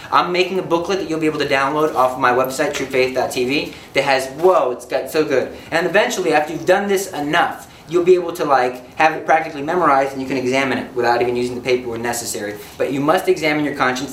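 A male preacher giving a sermon in an animated, joking manner, acting out little scenes as he teaches. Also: a little high, reverberant, slight background noise, poor audio.

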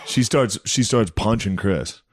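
A man's voice: lowish voice, expressive, unhurried, breathy edge, dry recording, clean studio sound. A man telling crude, profanity-laden stories in casual chat, often laughing.

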